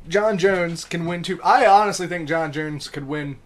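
A young man with a fairly high voice chats easily on a podcast, relaxed and quick to swear. A faint background hiss runs beneath him. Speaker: podcast co-host. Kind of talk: casual chat.

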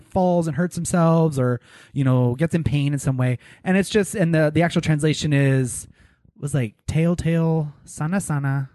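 A man's voice: medium pitch, darkish tone, no echo, clean studio sound. A man co-hosting a podcast, chatting casually, laughing often and restarting his sentences. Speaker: podcast co-host. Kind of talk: casual chat.

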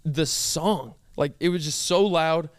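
A man's voice: a little high, slow pace, dry recording, studio quality. A young man, a groom, chatting casually and recounting his wedding day with lots of fillers. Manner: chatty storytelling with many fillers. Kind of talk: casual chat.

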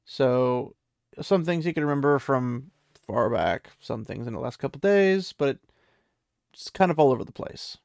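A man retells a fantasy story in a loose, chatty way. His voice is gravelly and sits at a middle pitch. The sound is dry and close. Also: animated, a little slow, darkish tone, no room sound. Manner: chatty, loose, with many "he's like" asides.

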